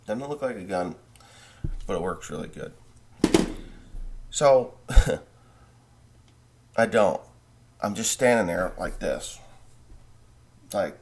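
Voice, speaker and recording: A farmer vlogger telling a long, rambling dream story in a casual way, full of profanity and self-corrections. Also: male voice, low-pitched, big pitch swings, slow pace, long pauses.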